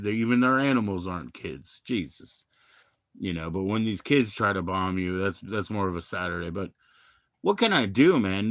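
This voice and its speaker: Rambling, swearing streamer man, low voice. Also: no echo, clean studio sound. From Maryland, USA. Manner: rambling, profane, loud bursts then mumbling. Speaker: livestream host. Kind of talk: rambling casual livestream chat.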